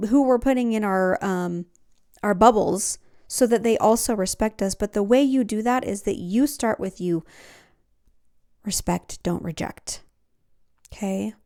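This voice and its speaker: A woman's voice: mid-range voice, a little mellow. A woman hosting a podcast, talking earnestly in a casual self-help style and laughing often. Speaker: podcast host.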